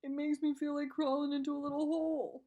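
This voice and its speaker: A woman's voice: high voice, flat delivery, fast, mellow. A woman in her fifties venting in a vlog, upset and telling a rambling, profane story. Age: 50s. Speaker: vlogger. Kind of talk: emotional personal venting.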